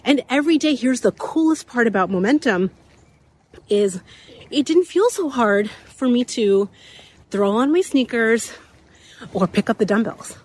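A woman in her thirties hosting a motivational talk while walking uphill outdoors, a bit out of breath, her voice slightly raspy, repeating key points and laughing often. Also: on the high side, lively intonation, measured pace, long pauses. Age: 30s. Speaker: podcast host.

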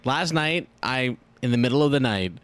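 Dry-witted man with a smooth, lively voice. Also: medium pitch, moderate pace. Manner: dry, sardonic, lively storytelling. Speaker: podcast co-host. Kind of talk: casual chat.

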